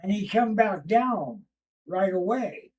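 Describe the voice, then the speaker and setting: A man's voice: high voice, animated, slow, a little mellow, husky, far from the mic, rough recording. A man chatting casually on a livestream, backing up the host in a loose, drawling way. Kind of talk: livestream chat. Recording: voice from off-mic.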